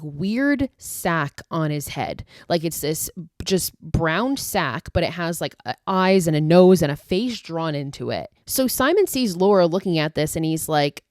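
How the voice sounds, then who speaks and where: A woman with a somewhat low voice hosts a podcast and walks through a horror film's plot in a loose, chatty way. She leans on filler words and the odd swear. The sound is dry and close, with no room around it. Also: a little mellow, no echo. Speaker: podcast host. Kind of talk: casual horror movie recap.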